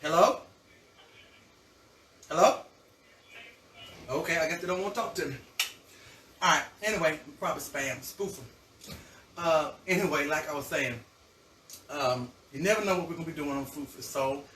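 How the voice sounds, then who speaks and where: A cooking-show host who gushes and chats nonstop with his viewers. His voice sits fairly high for a man. He is picked up from a distance in an echoey kitchen, with faint background noise. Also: brisk, pushed and bright. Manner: chatty and effusive, savoring food aloud. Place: home kitchen.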